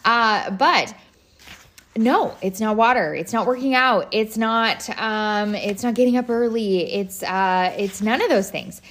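A woman's voice: medium pitch, a little slow, a bit bright. A woman in her thirties hosting a podcast, chatting casually with lots of fillers and restarts. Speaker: podcast host. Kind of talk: casual solo podcast talk.

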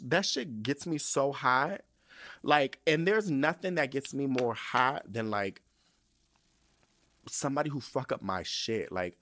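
A young man telling a story to his podcast audience in a casual, profane and animated rant. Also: medium pitch, no echo. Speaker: podcast host.

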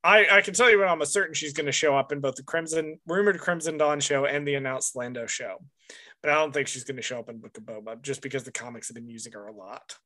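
A man co-hosting a casual podcast chat, wry and self-mocking, tossing in quick asides. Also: mid-range voice, sharp tone. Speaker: podcast co-host.

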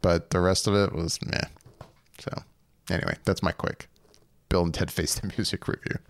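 A man's voice: low-pitched, flat delivery, moderate pace, no room sound. A man co-hosting a podcast in casual chat, rambling with frequent laughs and restarts. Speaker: podcast co-host.

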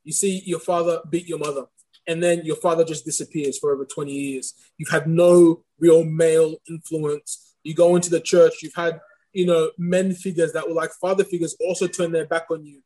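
A man's voice: a little high, level tone, moderate pace, dark tone, low-quality recording. A man with a slight speech impediment, talking as an interview guest in an earnest, searching way, often restarting his sentences. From Australia. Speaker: guest, course creator and preacher. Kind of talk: reflective interview talk.

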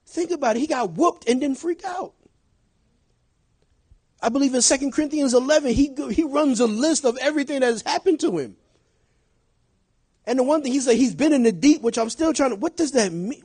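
A middle-aged man preaching to his church with a high voice. His pitch swings a lot as he jumps between shouted points and low, chatty asides, with frequent laughs. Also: lively intonation, normal speed, long pauses, breathy edge. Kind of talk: sermon.

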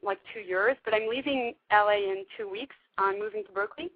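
A woman's voice: medium pitch, fairly quick, slightly rough. A young woman calling in who chats eagerly, full of fillers and small laughs. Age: young adult. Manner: chatty, giggly, filler-heavy. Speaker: caller. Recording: tinny phone line.

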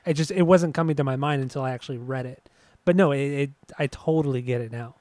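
A man's voice: medium pitch, fast, a little mellow, no echo. A man co-hosting a casual music podcast, rambling and swearing freely, laughing often. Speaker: podcast co-host.

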